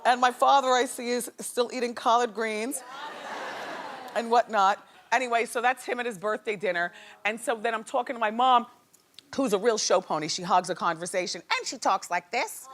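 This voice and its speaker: A woman hosting a daytime talk show, loud and teasing, laughing often in front of a studio audience. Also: a little high, moderate pace. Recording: studio audience and noise behind.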